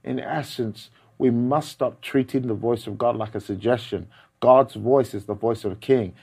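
A man preaching a sermon, repeating key words and swinging between loud emphatic passages and low hushed ones. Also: normal speed, husky.

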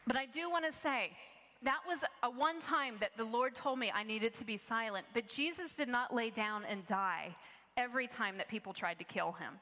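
A woman's voice: a little high, normal speed, bright, forceful tone, in a large hall. A woman preaching a sermon, telling a personal story in an earnest, conversational way with frequent restarts.

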